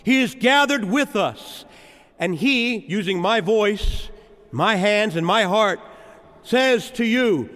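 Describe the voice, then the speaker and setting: Slow, lively preaching priest in a reverberant church. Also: male voice, sits high. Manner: rhythmic, repetitive preaching with dramatic pauses. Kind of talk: sermon.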